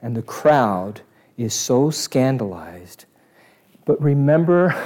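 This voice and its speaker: A man preaching a sermon to a live congregation, animated and asking them questions. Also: mid-range voice. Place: church service before a congregation.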